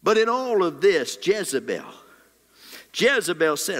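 A man preaching a dramatic sermon into a handheld mic, his voice bright and forceful. He swings from loud, rising lines down to near whispers. His words ring through a big, echoey sanctuary. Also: high voice, very animated, measured pace. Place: church sanctuary. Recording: long hall reverb.

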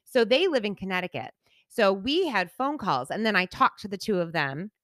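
Woman podcaster telling a story, bright voice, bouncy pitch, dry sound. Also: normal speed, dry recording. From United States. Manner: animated storyteller, laughs often. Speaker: podcast co-host. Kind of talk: casual chat.

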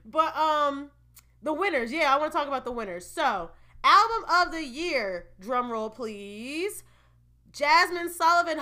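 A woman talks straight to her viewers in a casual, opinionated recap, laughing now and then as she goes. Her voice is bright and sits a little high. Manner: chatty, opinionated, laughing asides. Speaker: vlogger.

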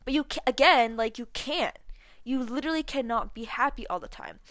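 A twenty-one-year-old woman hosts a solo podcast, chatting casually with a slight lisp and plenty of fillers like "like" and "um." Her voice is a little high and fairly quick, with a fairly bright tone, recorded dry.

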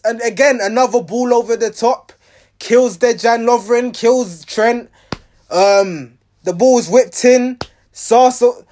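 A man's voice: extremely high pitch, darkish tone. A man giving a rambling, exasperated reaction to his team's match, restarting his sentences often. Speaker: football fan reviewing a match.

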